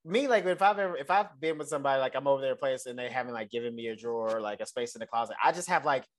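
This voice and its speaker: A man co-hosting a casual TV recap chat, loose and profane, telling the story in an animated way. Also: mid-range voice, racing. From United States. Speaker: podcast co-host.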